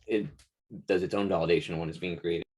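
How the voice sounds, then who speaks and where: A man in a coding class who puts in quick answers and joking asides. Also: sits low, fairly even intonation, a little mellow, breathy edge. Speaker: student.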